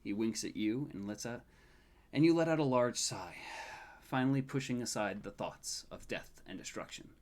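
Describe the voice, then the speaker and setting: A male game master reads out a tabletop game scene in measured, soft narration. His voice sits at an ordinary mid-range pitch and sinks to a hush in the sorrowful parts. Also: lively intonation. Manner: soft, measured, dropping quiet at sad moments.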